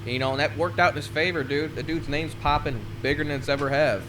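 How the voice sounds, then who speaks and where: A man's voice: on the high side, steady tone, fast, background noise. A man co-hosting a casual podcast who makes blunt predictions and swears freely. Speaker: podcast co-host.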